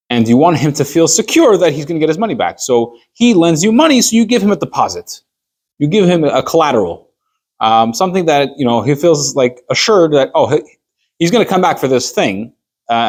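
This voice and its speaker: A male rabbi gives an easygoing class in a mid-range voice, neither high nor low. He spins everyday hypothetical stories, slipping into quoted dialogue to act out little scenes, with relaxed fillers along the way. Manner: conversational, walks through hypothetical stories with fillers. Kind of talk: informal Jewish law class.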